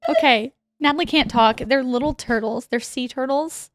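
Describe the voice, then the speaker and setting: Casting: fairly high-voiced woman, enthusiastic co-host, lots of "like", dry studio sound. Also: normal speed, no room sound. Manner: warm and enthusiastic, many fillers like "like". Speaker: podcast co-host. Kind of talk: casual chat, reading listener letters aloud.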